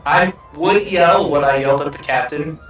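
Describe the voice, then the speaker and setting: Easygoing higher-voiced male player. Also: moderate pace. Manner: easygoing, laughs often, says um a lot. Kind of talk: casual tabletop game play. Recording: distant mic with faint background music.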